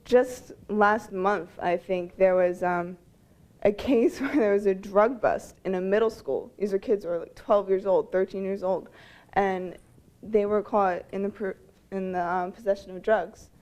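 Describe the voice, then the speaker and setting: A woman in an audience at a public forum, in a mid-range voice. She speaks in a measured way with small hesitations. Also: medium pitch, a little mellow. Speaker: audience member.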